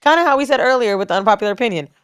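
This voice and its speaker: A woman's voice: a little high, lively intonation, rapid-fire, a bit bright, smooth. A woman co-hosting a podcast in a studio, giving blunt, profane advice in casual chat. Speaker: podcast co-host.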